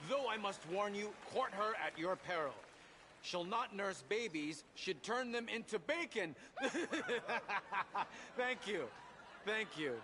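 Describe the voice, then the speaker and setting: Joking stage emcee, lively swooping pitch, slow delivery, noisy game ambience. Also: male voice. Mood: grandiose. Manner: grandiose, joking showman. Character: showy theatre announcer, grown man. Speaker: stage master of ceremonies. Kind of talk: theatrical stage patter. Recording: game audio with background noise.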